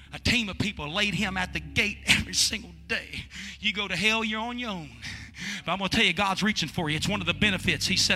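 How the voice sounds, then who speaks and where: A man preaching a sermon in a church sanctuary, moving from hushed storytelling to shouted pleading. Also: high-pitched, fairly quick, long reverb tail, soft background music. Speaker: pastor.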